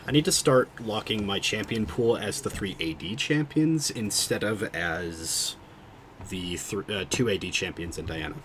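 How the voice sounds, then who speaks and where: A man with a lowish voice chats casually with his viewers while he plays a game. He rambles, thinks out loud and cuts himself off mid-sentence. He speaks into a desk mic in a room at home, with a faint hiss behind him. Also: a little slow. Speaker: streamer. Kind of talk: casual livestream chat while gaming.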